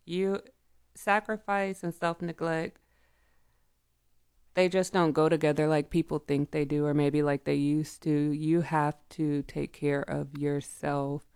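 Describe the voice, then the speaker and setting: Low gravelly woman speaking earnestly. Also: level tone, a little slow, a little mellow, dry recording, clean studio sound. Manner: emphatic, earnest. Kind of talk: casual panel chat.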